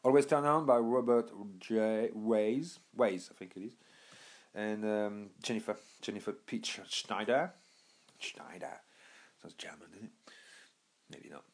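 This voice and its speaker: A young man from Birmingham with a lowish voice, chatting casually as a podcast host. He rambles, trailing off and restarting with plenty of fillers. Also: measured pace. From Birmingham, England. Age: young adult. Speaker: podcast host recommending books. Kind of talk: casual monologue.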